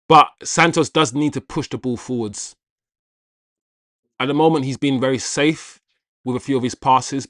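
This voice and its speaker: An excitable man calls a live football match for his viewers, reacting loudly to each chance and greeting the chat by name. His voice sits at an ordinary middle pitch, recorded dry and close. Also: no room sound. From Jamaican heritage. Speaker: football watchalong host.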